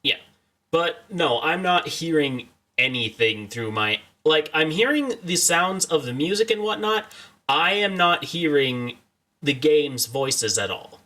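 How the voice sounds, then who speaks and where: A man's voice: a little high, animated, measured pace, bright, forceful tone. A young man streaming a video game, joking and rambling as he chats to his viewers in a casual way. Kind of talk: casual let's-play commentary.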